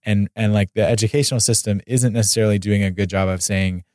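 Low-voiced American man hosting a podcast. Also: level tone, fast talker, darkish tone, dry recording, studio quality. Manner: rambling, many fillers and restarts. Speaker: podcast host. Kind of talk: casual interview chat.

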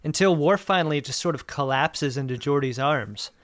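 A man's voice: on the high side, moderate pace, no room sound, clean studio sound. A man with a thin, reedy voice, co-hosting a podcast in a casual, playful way as he recaps and riffs. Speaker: podcast co-host.

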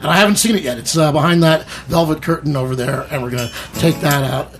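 A man's voice: fairly high pitch, fast, fairly bright tone, slight background noise. Laughing, rambling radio host man. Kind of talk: casual studio chat. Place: radio studio.

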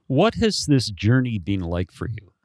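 A man hosting a podcast, asking a guest calm and clear questions. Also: lowish voice, a little slow, no echo, clean studio sound. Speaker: podcast host. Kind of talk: interview questions.

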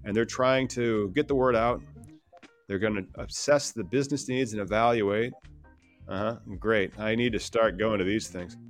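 A man co-hosting a casual podcast chat, reading out news items with quick joking asides. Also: on the low side, soft background music. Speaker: podcast co-host.

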